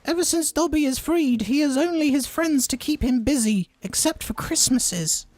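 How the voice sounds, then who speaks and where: An eager little house elf. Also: male voice, normal speed, darkish tone, no echo. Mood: earnest. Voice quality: high squeaky falsetto, breaking into laughs.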